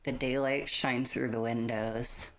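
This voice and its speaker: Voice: medium pitch, flat delivery, unhurried. A streamer running a tabletop horror game as game master, casually narrating the scene and swearing freely. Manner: casual, swears freely, stops to thank viewers.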